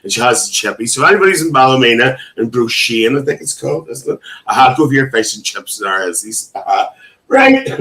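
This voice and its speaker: A man's voice: medium pitch, very animated, fairly quick, pushed and bright, rough recording. A man hosting a casual livestream, reading viewers' comments aloud in an emotional, chatty way with frequent laughter. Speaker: livestream host.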